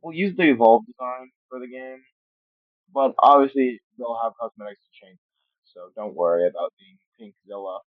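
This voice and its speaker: A man's voice: medium pitch, moderate pace, no echo. A man hosting his channel in a casual, rambling way, full of joking asides and stumbles, tired from filming late at night. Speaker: channel host. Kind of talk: casual commentary on a fan game roster. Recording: tinny phone-like dry mic.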